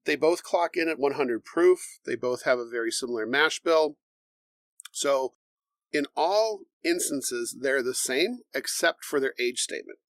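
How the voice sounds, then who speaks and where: A man co-hosting a casual bourbon tasting podcast, explaining bottles and reading tasting notes in a measured way. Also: medium pitch, lively intonation, dry recording. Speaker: podcast co-host.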